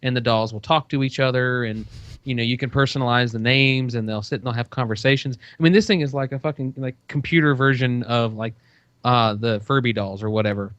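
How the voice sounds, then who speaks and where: A man's voice: medium pitch, fairly quick, a bit bright, clear, resonant tone, no room sound. A man in casual podcast chat, telling a long story with plenty of "you know" and "uh". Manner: rambling storytelling, many fillers. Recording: dull dry lo-fi sound.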